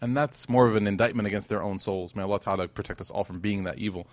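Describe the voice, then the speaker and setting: A man teaching a casual, storytelling religious lesson, animated and joking with his audience, with short stretches of Arabic recitation. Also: lowish voice, fast talker. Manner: animated, conversational, jokes with the audience. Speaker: Islamic teacher.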